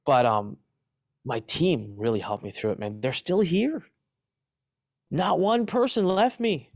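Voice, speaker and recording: Middle-aged man, interview guest, animated and emphatic, dry sound. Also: on the high side, a little slow, gravelly, no echo. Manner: emphatic, animated retelling with restarts. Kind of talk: candid interview answers.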